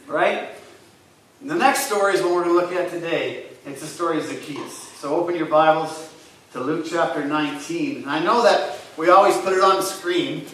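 A man preaching as a church pastor, earnest and rising loud when he retells scripture scenes. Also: a little high, moderate pace. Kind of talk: sermon. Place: church sanctuary. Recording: echoey church hall from far off.

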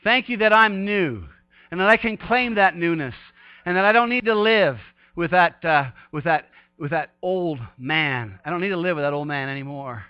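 A man preaching a sermon with fervor, dropping to quiet tones and rising to loud bursts of praise. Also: on the high side, lively intonation, moderate pace, smooth, no echo, lo-fi sound, soft background music. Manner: fervent, swings from hushed to shouting praise. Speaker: pastor.

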